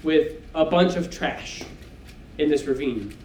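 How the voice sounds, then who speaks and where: A man's voice: on the high side, animated, slow pace, darkish tone, a little hiss or hum. A man teaching a Bible class in church, talking it through in a conversational way and checking in with "okay?" asides. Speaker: preacher. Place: church hall. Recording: echoey room, mic at a distance.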